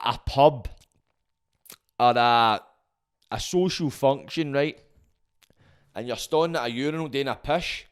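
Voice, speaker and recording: A man's voice: medium pitch, clean tone. A young man with a Glaswegian accent, hosting a podcast in crude, rambling casual chat full of swearing and jokey asides. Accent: Scottish, Glaswegian. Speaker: podcast host.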